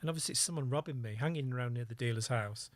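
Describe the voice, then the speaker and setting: Man, middle-aged, animated storyteller, podcast guest, dry close sound. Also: medium pitch, rapid-fire, no echo. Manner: lively anecdotal storytelling, laughs at own story. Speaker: guest, former undercover police officer.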